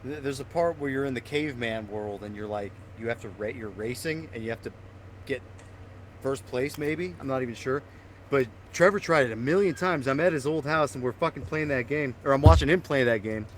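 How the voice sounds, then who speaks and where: A man's voice: mid-range voice, brisk, a little hiss or hum. A man co-hosting a podcast, telling stories animatedly with laughter and swearing. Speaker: podcast co-host. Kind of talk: casual chat.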